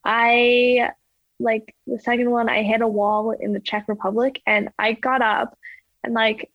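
A young woman with a fairly high voice tells stories in a relaxed interview. She rambles, leans on "like" constantly and laughs through her words. The sound is dry and close, with no room around it. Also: measured pace, no echo, muffled recording. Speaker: ski jumper guest. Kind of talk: casual interview storytelling.

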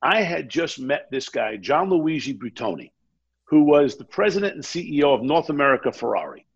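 A man telling a long anecdote in a casual chat, animated and often quoting the people in his story. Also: medium pitch, a little fast, creaky, slightly rough, dull audio. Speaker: guest.

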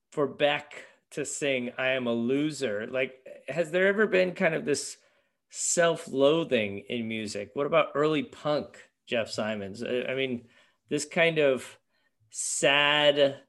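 A man's voice: medium pitch, a bit bright. A man hosting a music podcast, leading the talk with questions and feeling his way through his phrasing. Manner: leads the talk, asks questions, searching phrasing. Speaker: podcast host. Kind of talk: casual music chat.

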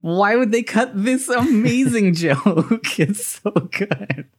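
A man's voice: sits high, slow pace, husky. A man co-hosting a casual movie discussion, laughing often and joking as he talks. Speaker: podcast co-host.

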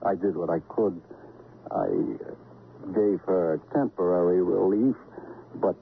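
An actor playing a halting, confessional chiropractor who was quietly drawn to a patient, in a 1950s radio drama. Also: male voice, low-pitched, vocal fry, slight background noise, heavily acted. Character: hesitant, lovelorn middle-aged male chiropractor. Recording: tinny old radio broadcast.

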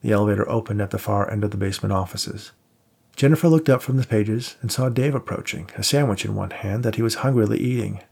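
An audiobook narrator reads a novel aloud in a low, gravelly male voice, husky and a little rough at the edges. His scripted narration moves at a steady, measured pace, with slight voice shifts for the characters.

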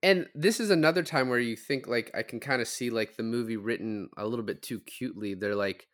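Talking a little fast with few pauses, this mid-range-voiced podcast host casually goes over film scenes. He's animated, performing the quoted lines as he retells each moment.

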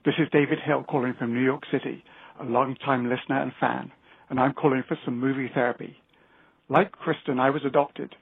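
A man's voice: medium pitch, fairly even intonation, a little fast, vocal fry, breathy edge. A man calling in to a radio show, speaking politely and plainly. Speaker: caller. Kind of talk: phoned-in listener message. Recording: tinny phone line.

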